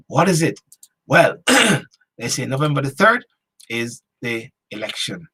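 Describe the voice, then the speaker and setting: Man, talk show host, husky voice, lively swinging pitch, emphatic rhetorical monologue. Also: unhurried. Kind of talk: opinion monologue.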